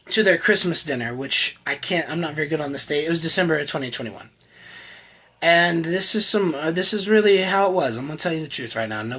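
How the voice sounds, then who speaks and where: A man in his thirties giving a candid personal testimony as a channel host, halting and full of restarts. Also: fairly high pitch, sharp tone, breathy edge, poor audio. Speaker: channel host telling his recovery story. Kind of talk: personal testimony, casual storytelling.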